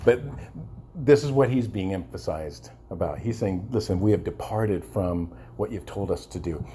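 Low-pitched and warm, this pastor's voice moves unhurriedly over a slight hiss or hum. He preaches with passion, repeating and restarting, and seeks the congregation's agreement with "amen?"

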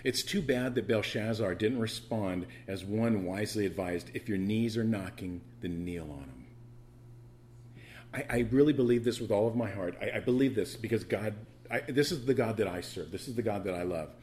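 Animated man preaching a sermon. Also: on the low side, moderate pace, slight background noise. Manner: animated, stammering restarts, builds to loud proclaiming. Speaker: pastor.

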